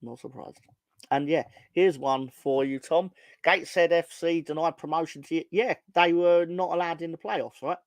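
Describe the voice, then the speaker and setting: A man's voice: on the high side, fairly even intonation, moderate pace, dry recording. A man co-hosting a casual football fan show, rambling and sardonic, swearing freely. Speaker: football podcast co-host.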